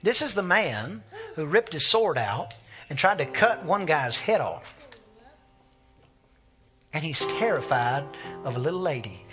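A man's voice: high voice, sing-song, measured pace, long pauses, pushed and bright, faint music behind. A man, a pastor preaching an impassioned, conversational sermon. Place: church sanctuary.

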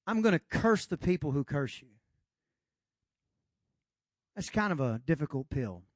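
A middle-aged male pastor with a notably high voice, preaching with big dramatic swings from loud, urgent lines to hushed ones. The sound is close and dry, with no room echo. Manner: preaching with dramatic rises and drops, acting out God's voice. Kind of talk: sermon. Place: church.

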